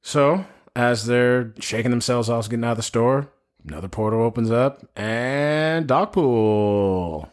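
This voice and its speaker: A man co-hosting a movie review podcast, retelling scenes in a rambling, animated way and slipping into quick put-on quotes. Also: mid-range voice. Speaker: podcast co-host. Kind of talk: casual movie review chat.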